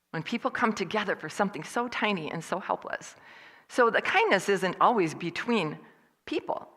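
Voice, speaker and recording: A woman speaking at a church service, telling a personal story in a lively way and acting out what other people said. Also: deep voice, in a large hall. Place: church hall.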